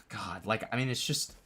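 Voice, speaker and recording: Incredulous swearing young man streamer. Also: on the low side. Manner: incredulous, swearing, repeats himself. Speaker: streamer reacting to a clip. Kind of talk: live stream reaction commentary.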